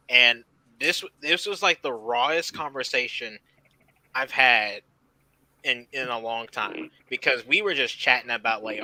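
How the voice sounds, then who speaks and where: A man's voice: mid-range voice, sharp tone, no room sound, poor audio. A man chatting casually with friends on a podcast, telling a long rambling story with lots of repeated words. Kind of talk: casual chat.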